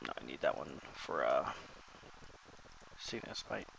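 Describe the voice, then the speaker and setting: A man's voice: very deep voice, big pitch swings, a little slow, creaky, a bit bright, slight background noise, poor audio. A man casually commentating his own online game run, thinking aloud and joking as he plays. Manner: thinks aloud while playing, chatty and joking.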